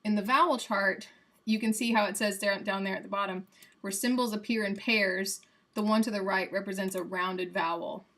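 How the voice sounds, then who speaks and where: A woman's voice: medium pitch, steady tone, moderate pace, fairly bright tone. Chatty Southern US woman teaching sounds. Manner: chatty and playful, demonstrating sounds aloud. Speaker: streamer teaching phonetics. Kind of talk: casual livestream lesson.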